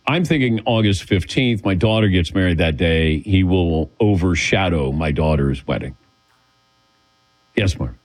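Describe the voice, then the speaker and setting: A man's voice: sits low, expressive, measured pace, low-quality recording. A man hosting a sports talk show, chatting casually and laughing often as he calls on his co-hosts. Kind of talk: casual radio show banter.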